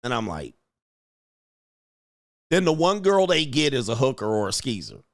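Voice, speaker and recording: A man's voice: wildly swooping pitch, moderate pace, dry recording, clean studio sound. Slangy, laughing male commentary host. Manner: laughing often, acting out pickup lines in a higher voice; casual slang-heavy storytelling. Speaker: show host. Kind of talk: casual commentary monologue.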